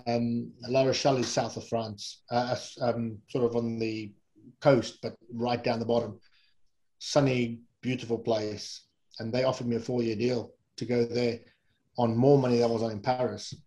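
A middle-aged man from England, a former rugby player, telling relaxed, rambling anecdotes as an interview guest. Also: medium pitch, normal speed, poor audio. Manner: relaxed, rambling, with fillers and self-corrections. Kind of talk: casual anecdotal storytelling.

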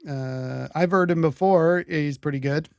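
Gravelly-voiced man reading word origins. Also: on the high side, measured pace, a little mellow, no room sound, studio quality. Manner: reads dictionary entries aloud with fillers. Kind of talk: casual chat.

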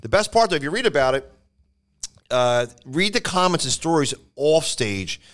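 A man's voice: fairly high pitch, sing-song, normal speed, fairly bright tone. A man co-hosting a podcast in a studio, chatting casually and rambling with many restarts. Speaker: podcast co-host. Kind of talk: casual chat.

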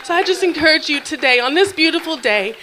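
A woman preaching a heartfelt, conversational sermon at a church service, dropping to quiet breathy asides. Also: high voice, animated, fast. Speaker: guest speaker at a church service.

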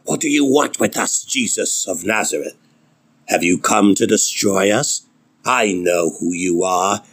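A preacher voicing a cornered male demon that cries out loudly, then drops to low growled words. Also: unhurried, slightly rough, heavily acted. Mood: defiant.

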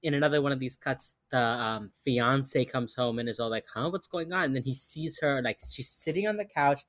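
Her voice is a rumbling low one at a normal pace, heard in studio quality without echo. As a podcast co-host chatting casually, she recaps a TV episode and lively acts out what the characters say.

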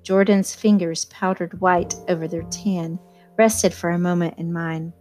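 A woman reading a novel aloud in first-person narration, measured and even. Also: on the low side, faint music behind. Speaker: audiobook reader.

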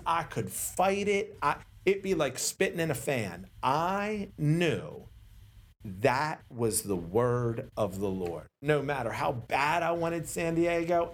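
A man from Maryland, a pastor, telling his story in a casual podcast interview with lively, slangy delivery. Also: fairly high pitch. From Maryland, USA.

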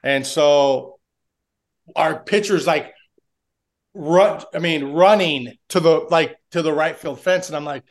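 A man's voice: fairly high pitch, slow pace. A man who is a baseball assistant coach, talking casually as a podcast guest and telling stories with many restarts. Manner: rambling with restarts and storytelling.

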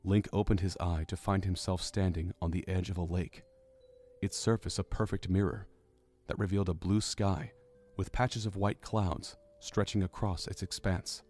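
A man narrating a fantasy audiobook in measured, descriptive storytelling. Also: sits low, steady tone, darkish tone. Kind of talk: scripted narration. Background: faint music.

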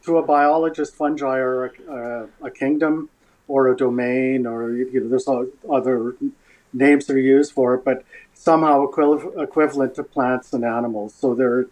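A man's voice: medium pitch, fairly even intonation, normal speed, darkish tone, low-quality recording. A man from Canada, a scientist guest on a podcast, explaining at an easy pace and repeating words as he starts sentences. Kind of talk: casual interview.

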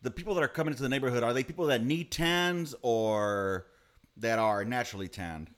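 A man's voice: medium pitch, fairly quick, clear, resonant tone. A man co-hosting a podcast in casual chat, laid-back and profane, laughing often. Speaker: podcast co-host.

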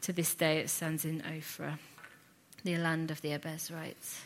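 A woman teaching a sermon series, retelling a scripture story in an earnest, reflective way with lively asides. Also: low voice, a little slow. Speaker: Bible teacher.

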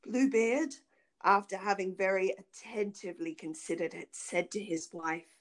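A woman narrating an old fairy tale in an expressive, dramatic reading. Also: mid-range voice, a little slow. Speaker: reader. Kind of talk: storybook narration.

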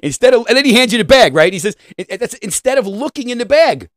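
A man's voice: very high-pitched, quick pace, hardly any pauses, no room sound, clean studio sound. A man hosting a podcast, talking in a casual rant and checking in with "right?" again and again, swearing now and then. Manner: animated, keeps asking "right?". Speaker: podcast host.

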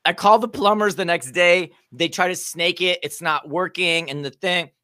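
Middle-aged woman, bright, dry close sound, animated comic storyteller. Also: fairly low pitch, normal speed, dry recording. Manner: animated, builds to shouting peaks at the punchlines. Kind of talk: casual comedic storytelling.

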